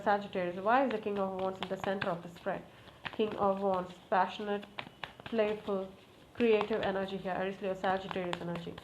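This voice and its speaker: A woman giving a casual tarot reading to camera, talking to the cards, repeating requests and exclaiming with excitement. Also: medium pitch. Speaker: tarot reader. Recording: slightly muffled, faint background noise.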